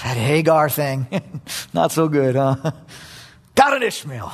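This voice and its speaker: A man preaches in a church sanctuary, his husky voice leaping between high and low as he acts out prayers and chuckles along the way. The long reverb of the hall trails behind his words. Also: sing-song, a little slow, pauses often. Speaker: pastor. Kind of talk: sermon.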